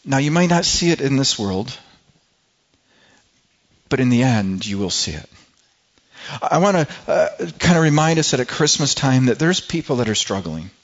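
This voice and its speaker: A middle-aged man preaching a sermon, talking it through in a loose storytelling way with many restarts, and at times swelling with excitement. His pitch sits in the middle for a man, and the recording sounds a little dull and lo-fi. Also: normal speed, long pauses. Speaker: pastor.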